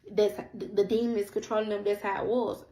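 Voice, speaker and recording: Woman, gravelly voice, casual storytime, acts out the quotes. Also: mid-range voice, fairly quick, poor audio. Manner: animated, quotes others, repeats herself.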